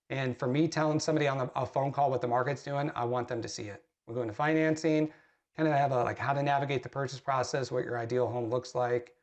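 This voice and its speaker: A man, a real estate agent, telling an earnest story while coaching other agents on a training call, often restarting his sentences. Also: medium pitch.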